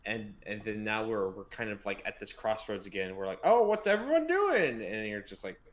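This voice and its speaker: A man's voice: lowish voice, level tone, a little fast, a bit bright. A man co-hosting a podcast, laid-back and casual, often agreeing with short fillers. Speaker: podcast co-host. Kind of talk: casual chat.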